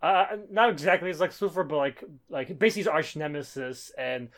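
A man's voice: a little high, animated, brisk, a bit bright. A man co-hosting a casual podcast, talking hesitantly with many restarts while picking apart plot logic. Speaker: podcast co-host. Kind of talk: casual chat.

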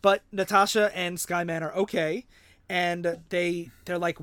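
A man in a casual podcast chat walks through a comic's plot, slipping into quoted lines and laughing along. His voice sits a little high and sounds dry and close. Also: steady tone, fairly quick, a bit bright, no echo.

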